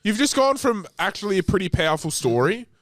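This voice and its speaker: A man's voice: high-pitched, sing-song, fast, fairly bright tone, no echo, studio quality. Crude rambling young man. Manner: crude and rambling, heavy slang. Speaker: podcast co-host. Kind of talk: casual chat.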